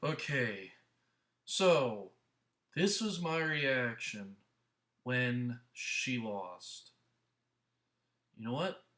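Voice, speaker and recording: A man's voice: mid-range voice, lively intonation, extremely slow, long pauses, fairly bright tone. A man hosting a casual movie review vlog, talking earnestly in a rambling way with many restarts, into a headset mic.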